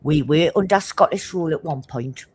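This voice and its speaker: A woman with a broad Geordie accent, blunt and swearing constantly as she tells animated stories in casual chat. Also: deep voice, husky. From Newcastle, England. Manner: talks fast.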